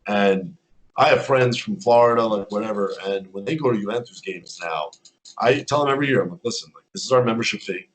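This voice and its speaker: Animated man telling stories. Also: on the low side, a little fast. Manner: animated storyteller who acts out quotes. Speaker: podcast guest, fan club member. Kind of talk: casual podcast chat.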